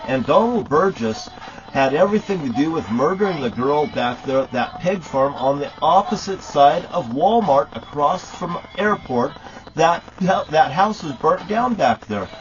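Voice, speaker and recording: A man delivering a profane, accusatory rant to camera outdoors, sometimes shouting. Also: fairly high pitch, lo-fi sound. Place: outdoors at a rock landmark.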